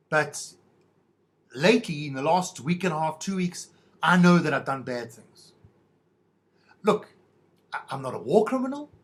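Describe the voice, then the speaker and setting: A man's voice: on the high side, a bit bright. A middle-aged man hosting a podcast, telling a rambling, self-mocking monologue in a wry, stop-start way. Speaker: podcast host.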